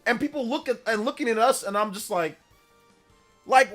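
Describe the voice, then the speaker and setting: Slangy, animated male streamer. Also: very high voice, moderate pace, long pauses, faint music behind. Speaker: streamer host. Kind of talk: casual livestream chat.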